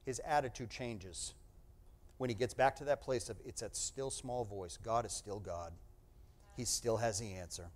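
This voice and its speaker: This middle-aged preacher reads scripture aloud and explains it, his voice sitting on the low side and moving a little slowly. Sometimes he booms out, sometimes he falls to a hush.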